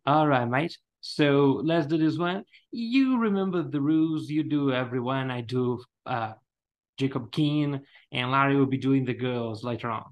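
A man's voice: medium pitch, unhurried, muffled recording. A man hosting a podcast, chatting casually and teasing his co-host, often laughing. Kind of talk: casual chat.

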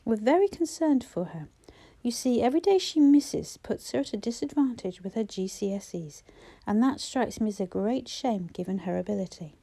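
A woman voicing a calm, persuasive male schoolteacher who keeps his voice low, smooth and measured. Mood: polite.

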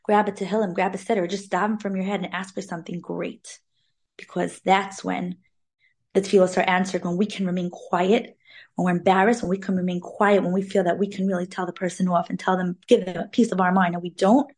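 A woman giving an informal, animated weekly Torah talk, sprinkling in Hebrew terms. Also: lowish voice, brisk. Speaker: Torah class speaker.

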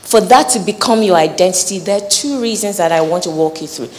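A woman giving an earnest, conversational sermon, teaching scripture with lively acted asides. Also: lowish voice, fairly quick, big-room sound, slight background noise. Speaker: preacher.

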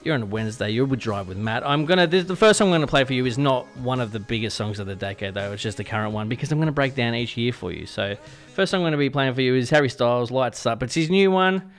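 Chatty Australian radio host, stumbling a bit. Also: male voice, mid-range voice, expressive, fast, faint music behind. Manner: chatty, self-deprecating, stumbles over words. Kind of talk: casual radio show hosting. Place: radio studio.

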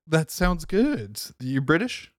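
This podcast co-host's voice sits on the high side, very animated yet slow, recorded in studio quality with no echo. He's a chatty storyteller who laughs a lot in casual conversation.

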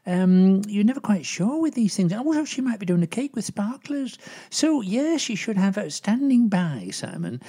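Woman playing an older agony aunt, husky, mellow, lively sing-song delivery, rambling gossipy asides. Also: medium pitch, moderate pace. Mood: chatty. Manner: rambling, full of "you know" and asides. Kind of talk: comedy sketch chat.

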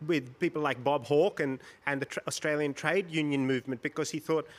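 A man from India, middle-aged, sits on a panel in front of a live audience. His voice sits high for a man. He tells his story in an animated way, acts out the people he describes and laughs often. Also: a little fast. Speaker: panel guest. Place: stage before a live audience.

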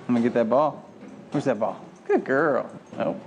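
A man working as a dog trainer, coaching an owner at home with lively praise for the dog. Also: medium pitch, moderate pace, dull audio, slight background noise. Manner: lively, sing-song praise for a dog between plain explanations. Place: home kitchen.

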